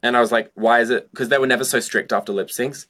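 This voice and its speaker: This young adult drag performer speaks fast in a mid-range voice that is steady, bright, and forceful. He chats through his interview with loose storytelling, full of "like" and casual curses.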